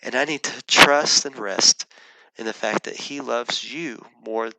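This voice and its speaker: Earnest gravelly pastor telling a story. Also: male voice, mid-range voice, a little slow, sharp tone, a little hiss or hum, rough recording. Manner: earnest storytelling with many restarts. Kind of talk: personal sermon story.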